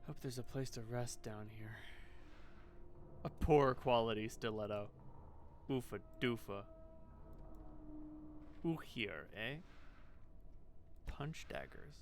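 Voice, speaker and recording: A man's voice: medium pitch, slow pace, pauses often, a little hiss or hum. A man hosting a game playthrough, reading the on-screen text and tossing off wry, joking asides. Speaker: let's play host.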